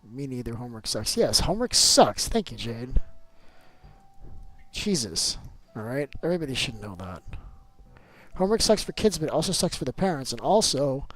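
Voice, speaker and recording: A man's voice: medium pitch, sing-song, normal speed, poor audio. A man streaming a video game live, chatting casually and going off on opinionated rants with loose, filler-heavy talk. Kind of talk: casual live gameplay chat.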